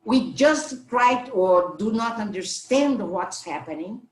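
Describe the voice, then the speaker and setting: Slow, earnest woman panelist. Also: medium pitch, lively intonation, a little mellow, echoey room. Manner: slow, earnest, halting with restarts. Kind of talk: panel discussion answer.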